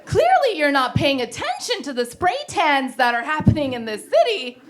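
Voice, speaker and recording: A woman doing a stand-up comedy set, telling jokes with lively leaps into acted quotes and laughing at her own lines. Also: high-pitched, normal speed, slight background noise. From Pakistan. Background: audience laughter.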